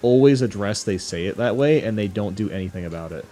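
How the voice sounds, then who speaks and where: A young man chatting loosely while playing a racing game, his low voice soft and dark. He rambles along with plenty of "like" and "um", and his pitch swings around a lot. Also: quick pace. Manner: relaxed, rambling with many fillers. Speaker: host. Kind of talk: casual chat while gaming.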